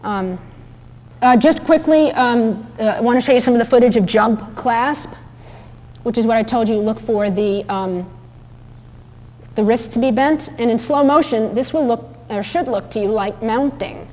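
A woman with a fairly high voice lectures about dog behavior. She speaks in a chatty, anecdotal way, full of fillers and restarts. Her voice rings with the long reverb of a large hall. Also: normal speed, darkish tone. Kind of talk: recorded lecture with video clips.

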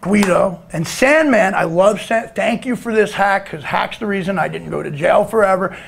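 A man telling a rambling, profane story in a casual way, breaking into shouts now and then. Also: high voice, normal speed, gravelly, breathy edge. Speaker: guest storyteller.

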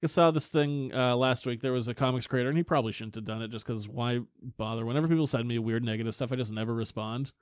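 A man's voice: mid-range voice, quick pace, hardly any pauses, smooth, no echo, studio quality. Sarcastic man cohosting a podcast. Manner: sarcastic, joking, laughs often. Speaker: podcast co-host. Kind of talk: casual pop culture chat.

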